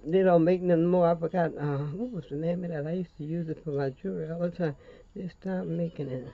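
A woman's voice: fairly low pitch, steady tone, a little fast, vocal fry, phone-quality sound. An older woman with a Louisiana accent hosting a chatty crafting tutorial, folksy and rambling, calling viewers honey.

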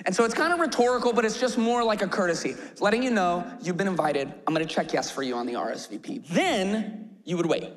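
A man preaching a sermon as pastor, telling a parable in an animated way and shouting out rhetorical questions. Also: high voice, fast. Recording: live sermon with long hall reverb.

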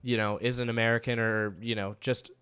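A man with a smooth, clear voice in the middle range hosts a casual interview. He talks in a friendly, hesitant way, full of fillers and restarts. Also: medium pitch, little pitch movement, moderate pace, pushed and bright. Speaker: podcast host, sports play-by-play announcer.

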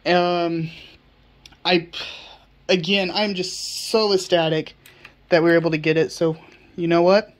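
A woman's voice: fairly low pitch, little pitch movement, a little slow, long pauses. A woman narrating a casual computer repair vlog, chatty and thinking aloud with frequent restarts.

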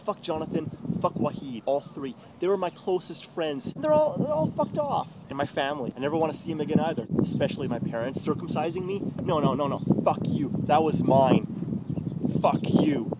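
A man's voice: a little high, a little fast, hardly any pauses. A young man in a bitter, agitated confessional rant, swearing heavily. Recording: noisy recording.

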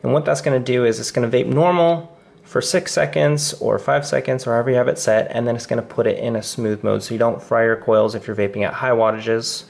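A man casually walking viewers through a device's menu settings in a relaxed, conversational way, correcting himself as he goes. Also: medium pitch, a little fast, vocal fry. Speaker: product reviewer. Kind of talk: casual how-to demonstration.

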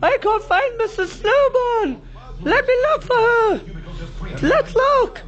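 Woman doing a squeaky lovesick snowman. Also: slow, heavily acted. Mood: pleading, weepy. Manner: whiny, excitable, chattering to toys. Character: lovesick male snowman searching for his sweetheart. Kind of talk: homemade toy play narration. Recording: dull lo-fi home video.

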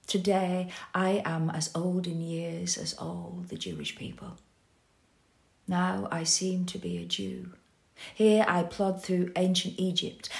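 A woman reads a poem aloud with grave, dramatic weight, taking it very slowly. Her fairly low voice carries a gravelly edge. She sinks to hushed whispers and swells to loud cries. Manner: slow and grave, dropping to whispers and rising to cries. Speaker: poetry reader. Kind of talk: dramatic poetry reading.

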